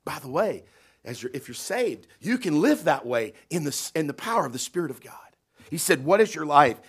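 A man pastor preaching a sermon in a church, emphatic and folksy, swinging between loud, stretched-out lines and quiet asides while asking the congregation questions. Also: on the high side, sing-song, brisk, slightly rough. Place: church sanctuary.

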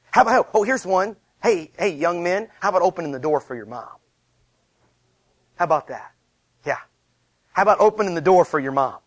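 A man's voice: high-pitched, slightly rough, no room sound. A man in his thirties, a pastor giving a conversational, emphatic sermon full of repeated rhetorical questions. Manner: lively, conversational preaching with self-deprecating asides.

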